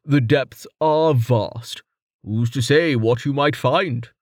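A man voicing a calm, wise man who speaks slowly and gently. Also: medium pitch, no echo, studio quality. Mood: wry. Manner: slow, measured, gentle.

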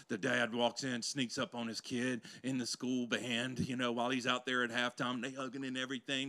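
A male pastor preaching to his congregation in a church. His delivery swings between loud, rising exclamations and quiet, intense passages. He drops in playful, conversational asides to the crowd. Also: mid-range voice. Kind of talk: sermon. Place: church sanctuary before a congregation.

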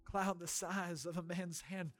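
A man preaching a sermon as pastor, swinging between fervent shouted declarations and quiet storytelling. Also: high voice, steady tone, measured pace, soft background music.

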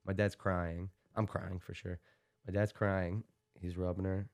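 A young man chatting casually as a podcast guest, telling stories in an animated way and laughing often. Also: sits low, unhurried. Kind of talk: casual chat.

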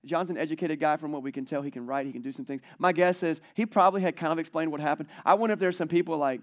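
A man preaching a sermon, retelling scripture in a chatty, animated way. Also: on the high side, fast. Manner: conversational, animated storytelling. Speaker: pastor.

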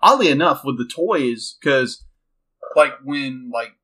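A man's voice: mid-range voice, lively intonation, slow, pushed and bright. A man co-hosting a casual movie review podcast, talking with hesitations and repeated words. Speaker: podcast co-host.

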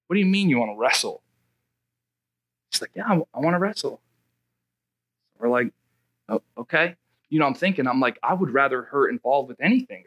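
A young man preaching a sermon, telling a personal story and calling out to his congregation. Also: a little high. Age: young adult. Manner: animated, exclaiming, calls out to congregation. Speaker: pastor.

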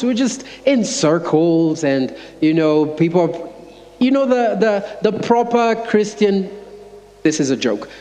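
High-voiced pastor telling a story. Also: male voice. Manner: animated, self-mocking, jokes with the congregation. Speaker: associate pastor. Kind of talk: sermon storytelling. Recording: long church-hall reverb.

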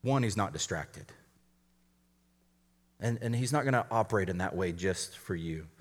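College pastor guy preaching, lowish voice, chatty and lively, tosses in jokes. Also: big-room sound. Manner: conversational, animated preaching with quick asides and light humor. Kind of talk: sermon.

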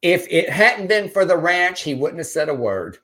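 A man's voice: high voice, sing-song, moderate pace, fairly bright tone, a little hiss or hum. An older man, co-hosting a casual news chat show and reading quotes in a mocking tone. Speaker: podcast co-host.

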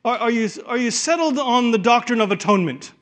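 A man's voice: very high voice, animated, a little fast, fairly bright tone, pitched above the performer's own voice. A man voicing a fussy male angel at heaven's gate, with a put-on Scottish accent and an incredulous, questioning manner.

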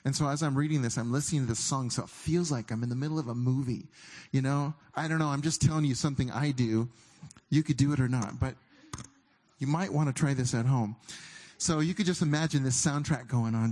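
A man giving a sermon in a conversational way, reading scripture slowly and emphatically between halting, informal asides. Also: medium pitch, a little mellow. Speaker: pastor.

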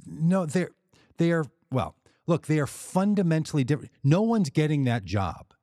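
Give me a podcast co-host with a warm, relaxed voice recorded dry and close. He argues his point in loose, casual talk and throws in mock voices for the people he quotes. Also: a little high, moderate pace, no room sound. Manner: argumentative, acts out quoted speakers in mock voices. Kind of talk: casual political discussion.

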